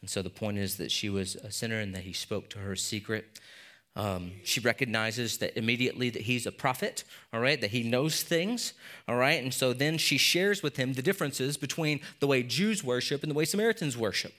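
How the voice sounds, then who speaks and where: A pastor in his thirties giving a casual sermon to a congregation, often checking in with "all right?" and "okay?", and dropping softer for serious points. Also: medium pitch, fairly quick.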